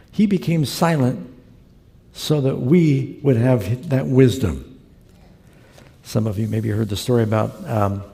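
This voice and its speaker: Man preaching, gravelly, mellow dark tone, earnest storytelling, long hall reverb. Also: mid-range voice. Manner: earnest, conversational storytelling with scripture quotes. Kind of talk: sermon with storytelling.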